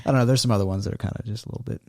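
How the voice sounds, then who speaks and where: A man's voice: fairly low pitch, fairly even intonation, very fast, a little mellow, no room sound, clean studio sound. A man co-hosting a podcast in casual chat, joking and opinionated, often trailing off mid-sentence. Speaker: podcast co-host.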